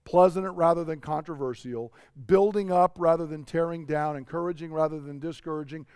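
A man's voice: high-pitched, clean tone, dry recording, studio quality. A middle-aged man preaching a sermon, earnest and personal, often putting questions to his listeners. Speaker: pastor.

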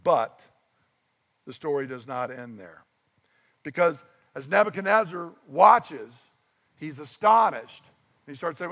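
A middle-aged pastor delivers a lively sermon. His voice sits fairly high for a man, and he tells the story with animated, acted-out voices. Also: unhurried, pauses often, long reverb tail.

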